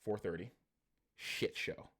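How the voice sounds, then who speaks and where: A man's voice: takes it slowly, a bit bright. A man from Canada co-hosting a podcast, in loose, slangy casual chat with lots of swearing. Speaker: podcast co-host.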